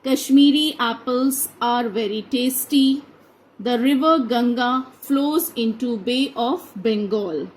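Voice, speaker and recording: Slow, high-voiced teacher. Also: female voice, poor audio. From India. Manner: slow, deliberate, spells out each answer. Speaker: school teacher. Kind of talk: grammar lesson read aloud to a class.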